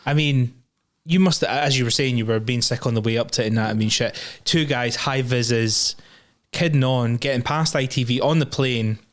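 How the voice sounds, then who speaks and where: A man's voice: medium pitch, normal speed. A man hosting a podcast in casual chat, laughing often and prompting his guest with short questions. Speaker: podcast host.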